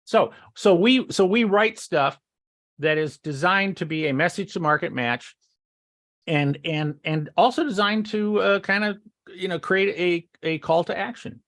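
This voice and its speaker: A man's voice: sits high, unhurried, a bit bright. A man co-hosting a marketing podcast, talking casually in long rambling sentences with many restarts. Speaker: podcast co-host. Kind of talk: casual chat.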